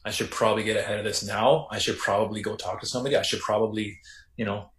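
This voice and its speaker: Canadian man, reflective, low voice in roomy echo. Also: little pitch movement, a bit bright. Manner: reflective, halting with many restarts. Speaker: podcast guest, former correctional officer. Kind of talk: casual storytelling interview.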